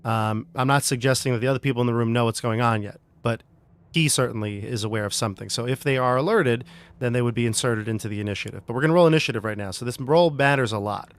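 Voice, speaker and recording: A man running a tabletop game as game master, relaxed and explaining the rules. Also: medium pitch, quick pace.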